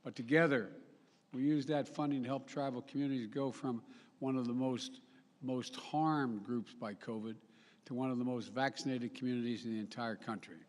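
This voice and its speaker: An older man giving a formal public speech with folksy asides, often halting and correcting himself mid-sentence. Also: medium pitch, fairly even intonation, a little mellow. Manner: halting, with frequent restarts and self-corrections. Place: large summit venue. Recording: long reverb of a big hall.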